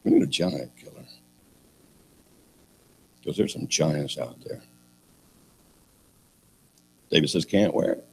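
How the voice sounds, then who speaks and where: Animated, gravelly older man preaching. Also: very deep voice, slow, pauses often, slight background noise. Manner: storytelling with sarcastic humor, acting out characters. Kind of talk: sermon.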